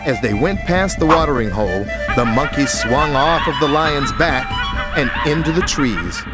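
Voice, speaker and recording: A man narrating a children's story in a lively, expressive way. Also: on the high side, moderate pace. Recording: music bed underneath.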